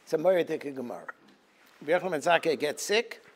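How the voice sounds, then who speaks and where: A man's voice: fairly high pitch, expressive, fast talker, husky. A man, a rabbi giving a Talmud lecture, moving between quoted Hebrew text and emphatic English explanation. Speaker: rabbi teaching a Tisha B'Av program.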